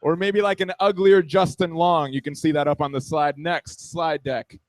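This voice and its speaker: A man's voice: fairly high pitch, level tone, normal speed, no room sound. Young man doing a self-deprecating stand-up set. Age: 20s.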